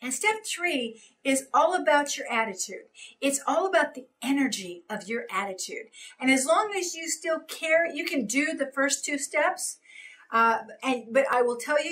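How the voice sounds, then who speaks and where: Encouraging woman trainer, higher voice. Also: fairly bright tone, low-quality recording. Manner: coaching, gestures while explaining, many fillers. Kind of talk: recorded training talk.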